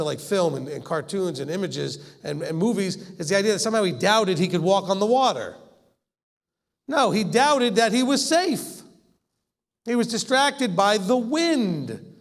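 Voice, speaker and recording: A man's voice: high-pitched, vocal fry. A man teaching scripture in a conversational way, acting out the quoted lines and often laughing. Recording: long hall reverb.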